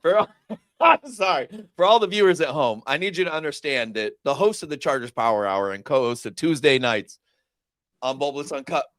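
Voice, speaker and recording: Excitable man hosting a livestream, dry sound. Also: medium pitch, a little fast, no room sound. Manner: excitable, swearing, hype-man banter. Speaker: livestream host. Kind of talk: casual livestream chat.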